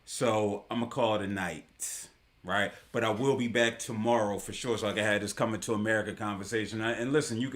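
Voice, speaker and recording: A man's voice: on the low side, fairly bright tone. A man hosting a live online talk show, giving casual commentary in an emphatic, slangy way and repeating his points for effect.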